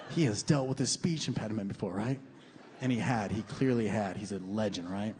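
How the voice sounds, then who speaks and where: A young man doing a stand-up routine on a comedy club stage, animated and crude, shouting out his punchlines. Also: fairly low pitch, brisk, background noise. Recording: reverberant club room with faint ambience.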